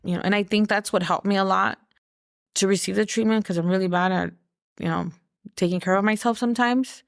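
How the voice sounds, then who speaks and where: A young adult woman telling her own life story in a halting, hesitant way, full of fillers. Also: mid-range voice, steady tone, vocal fry, no room sound, clean studio sound. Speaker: podcast guest sharing her story. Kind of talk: personal testimony.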